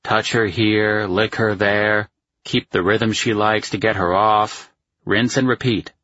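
A man voicing a brash, crude young friend who teases and swaggers, raised and loud. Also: fairly low pitch, steady tone, slow, no echo, lo-fi sound, pitched above the performer's own voice, exaggerated voice. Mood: brash, teasing.

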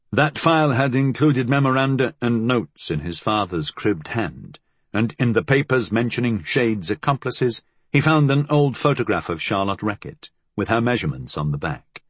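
A man narrates an audiobook in a husky, slightly low voice. His telling is measured and even, recorded close and dry in a studio booth. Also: dry recording.

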